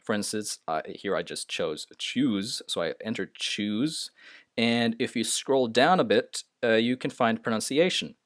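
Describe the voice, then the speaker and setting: A man's voice: on the low side, unhurried, a bit bright, no room sound, clean studio sound. A man teaching a lesson off the cuff, hesitant, with many fillers and restarts. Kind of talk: unscripted screen-share lesson.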